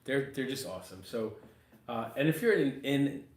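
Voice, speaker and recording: A man hosting a casual art podcast in an art supply store, slightly hoarse from getting over losing his voice, talking in an easygoing, rambling way. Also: mid-range voice, lively intonation, normal speed. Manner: easygoing, rambling, many fillers. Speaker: podcast host. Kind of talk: casual chat. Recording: roomy store with faint ambient noise.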